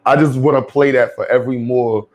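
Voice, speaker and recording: A man's voice: medium pitch, steady tone, a little fast, darkish tone. A man with a New York accent talks straight to the camera in casual, heavily profane commentary. He speaks bluntly and drawls his points, using plenty of street slang in a mid-range voice. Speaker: commentary vlogger.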